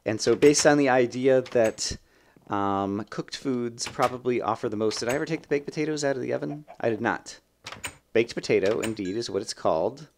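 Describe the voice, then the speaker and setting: A young man hosting a let's play, chatting and thinking aloud as he plays, with sudden bursts of excitement. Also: mid-range voice, moderate pace, a little hiss or hum. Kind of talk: gameplay commentary.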